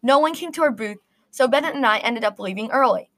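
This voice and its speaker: A woman narrating a first-person story in an earnest, expressive reading. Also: fairly high pitch, quick pace.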